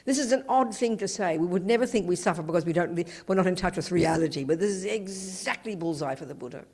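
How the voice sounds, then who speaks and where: A woman's voice: lowish voice, fast talker, darkish tone, breathy edge. A woman teaching Buddhism to an audience, talking in an emphatic, conversational way and often adding "you know". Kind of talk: dharma talk to an audience. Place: teaching hall.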